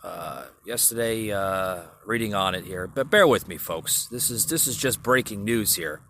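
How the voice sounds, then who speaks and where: A man's voice: lowish voice, animated, moderate pace, creaky, fairly bright tone, slight background noise. A man hosting a solo podcast, rambling through the news with many fillers and restarts and talking straight to his listeners. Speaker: podcast host. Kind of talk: casual solo podcast commentary.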